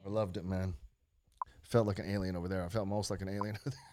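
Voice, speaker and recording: A man's voice: low-pitched, level tone, quick pace, darkish tone, a little hiss or hum. A man co-hosting an online talk show in loose, joking chat, swearing freely and laughing often. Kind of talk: casual chat.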